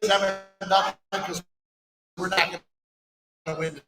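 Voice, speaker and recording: A man's voice: high-pitched, flat delivery, unhurried, music in the background. A man hosting a live sports talk podcast, giving blunt, emphatic opinions at a brewery party. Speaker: sports radio host. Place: brewery release party, indoors. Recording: echoey hall, mic far off, crowd chatter.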